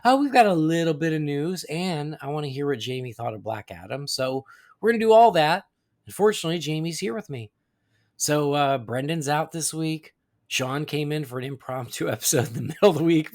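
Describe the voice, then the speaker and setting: A man's voice: a little high, moderate pace. A man hosting a podcast, reading the show's plugs and chatting casually with his co-host. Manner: chatty, animated, reads plugs then banters.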